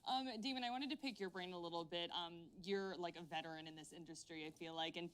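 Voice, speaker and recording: A woman's voice: fairly low pitch, fast talker, a bit bright, smooth. A woman hosting a games livestream, chatting with a panel in a bubbly, playful way. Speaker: show host. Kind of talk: casual panel chat on a livestream.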